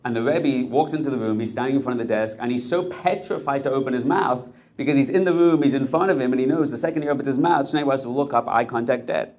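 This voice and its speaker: A man's voice: mid-range voice, quick pace, few pauses, a little mellow. A man telling a dramatic story to listeners, building suspense with short, punchy phrases.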